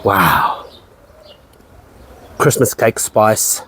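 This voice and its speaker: A man's voice: lowish voice, very slow, bright, forceful tone, slight background noise. A man reviewing whisky in a casual chat, rambling, repeating his phrases and swearing now and then. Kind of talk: casual tasting-note chat.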